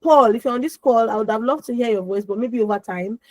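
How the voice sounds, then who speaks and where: A young adult woman with a naturally loud voice, coaching an audience on a video call. She is emphatic, repeats words and keeps asking her listeners questions. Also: a little high, fast, no room sound, poor audio. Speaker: emotional healing coach. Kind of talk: lively motivational talk on an online call.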